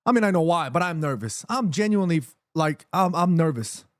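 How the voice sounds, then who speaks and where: An excitable man hosts a football watchalong from his room, speaking in a fairly high voice. He gets emphatic and repeats himself when his nerves kick in. The sound is dry and close, with no room echo. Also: fairly quick. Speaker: streamer hosting a football watchalong. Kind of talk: excited livestream chat. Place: his room in New York City, indoors.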